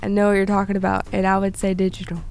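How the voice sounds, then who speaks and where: A woman's voice: mid-range voice, monotone, racing, vocal fry, a little mellow, slight background noise. A young woman hosting a casual chat, talking easily while sick with a stuffy voice. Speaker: student host.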